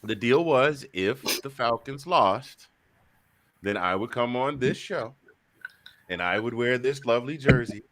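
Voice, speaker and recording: A man's voice: mid-range voice, animated, measured pace, fairly bright tone. A man hosting a casual sports talk show, chatty and joking, often repeating himself. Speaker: show host.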